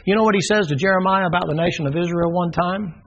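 Husky-voiced preacher, dramatic storytelling. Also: male voice, high-pitched, fast, fairly bright tone. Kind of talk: sermon. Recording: dull lo-fi sermon recording.

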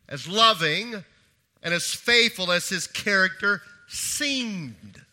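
High, bright-voiced man preaching. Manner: swings from hushed, slow emphasis to raised, urgent reading. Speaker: pastor. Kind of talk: sermon.

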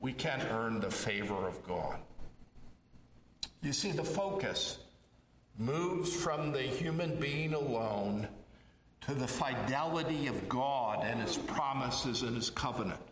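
Slow-preaching man in an echoey hall. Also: mid-range voice, expressive, a bit bright, distant mic, a little hiss or hum. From Chicago area. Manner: slow, measured preaching with frequent "uh" pauses. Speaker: pastor. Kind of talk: sermon.

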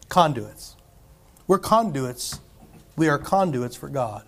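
A man's voice: mid-range voice, expressive, slow pace, long pauses, a little hiss or hum. A man preaching a sermon in a church, talking conversationally with rhetorical questions, asides to the congregation, and frequent restarts and fillers. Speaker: pastor.

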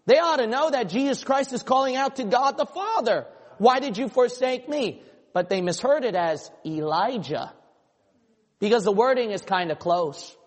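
Male pastor, impassioned sermon, high voice, long church reverb. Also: expressive, moderate pace. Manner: impassioned preaching, voicing imagined listeners.

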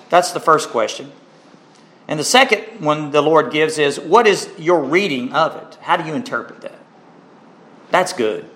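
A man's voice: fairly high pitch, fairly bright tone. A man preaching a Bible sermon, pressing his points with rising emphasis and rhetorical questions to the congregation. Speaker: pastor.

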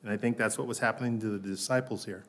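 A man preaching a sermon in a conversational way. He often checks in with "right?", slows down on key words and raises his voice to act out lines. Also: on the low side, fairly even intonation. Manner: raises his voice when acting out Peter's lines. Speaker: pastor.

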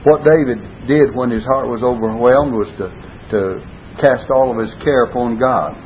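A man preaching a Bible study sermon, earnestly stressing key words and quoting scripture in old-style wording. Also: moderate pace. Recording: phone-like lo-fi recording with faint rumble.

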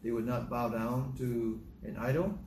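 A man's voice: medium pitch, fairly even intonation, a little slow, a little mellow, a little hiss or hum. A man giving a sermon, reading scripture aloud and retelling it in a plain, conversational storytelling way. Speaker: preacher. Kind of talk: sermon teaching through a psalm. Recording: echoey room.

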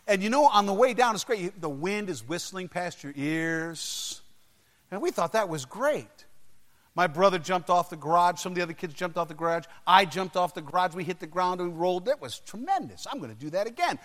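A man preaching a sermon, telling personal stories emphatically with dramatic pauses and acted-out voices. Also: sits high, expressive, fairly bright tone. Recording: long hall reverb.

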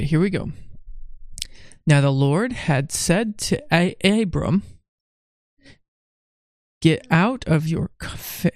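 A middle-aged man, a father, leading a morning devotion at home, gently coaxing a small child and reading scripture aloud. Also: sits high, no room sound, studio quality. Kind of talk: casual devotional chat with Bible reading.

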